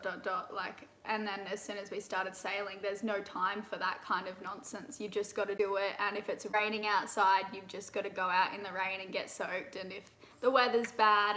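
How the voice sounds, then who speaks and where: A woman's voice: medium pitch, a bit bright, a little hiss or hum. A woman co-hosting a casual livestream chat at home, chatty and giggly with lots of fillers. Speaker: sailing vlogger co-host. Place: indoors at home. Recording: echoey room.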